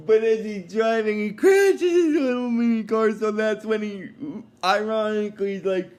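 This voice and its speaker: A man's voice: sits high, moderate pace, hardly any pauses, darkish tone. A man recapping a cartoon episode in a casual, rambling way, with many fillers and chuckling asides. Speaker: episode reviewer.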